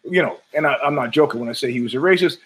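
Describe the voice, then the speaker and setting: A man's voice: medium pitch, very fast, fairly bright tone, low-quality recording. A man hosting his own show from home, ranting in a profane, sardonic and digressive way. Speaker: podcast host. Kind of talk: ranting solo commentary.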